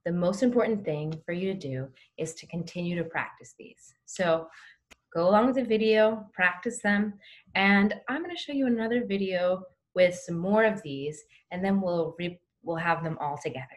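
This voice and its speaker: Lively encouraging woman teaching. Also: fairly low pitch, normal speed. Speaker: teaching artist. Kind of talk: guided lesson for kids at home.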